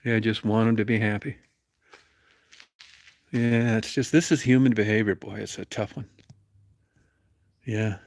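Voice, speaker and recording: A man's voice: on the low side, fairly even intonation, a little slow, long pauses, dry recording. A middle-aged man telling a crude, rambling, profane story and acting out the people in it. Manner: profane, rambling, acts out quoted voices.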